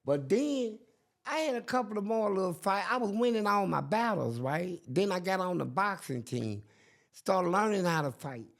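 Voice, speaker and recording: A man's voice: high voice, moderate pace, gravelly. An older man telling a story in casual chat, acting out the people he quotes. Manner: animated, acts out quotes in different voices. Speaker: guest.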